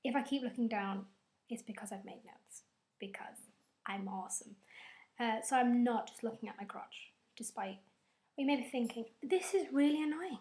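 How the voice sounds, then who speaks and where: A young woman talks through a film plot at home, loose and conversational. Her voice sits a little on the high side, and she keeps tossing in self-mocking, sarcastic asides. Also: fairly even intonation, normal speed, darkish tone. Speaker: video reviewer. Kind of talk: casual rambling film recap.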